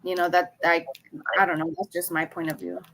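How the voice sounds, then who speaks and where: Bright-voiced woman, hesitant and reflective. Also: lowish voice, big pitch swings, brisk, slight background noise. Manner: reflective, hesitant, with many fillers. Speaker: podcast guest. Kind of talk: casual chat.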